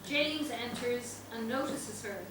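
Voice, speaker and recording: Woman narrating stage directions, high voice, loud background noise. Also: slow pace. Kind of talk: stage directions read aloud. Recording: echoey hall, distant mic, loud noise.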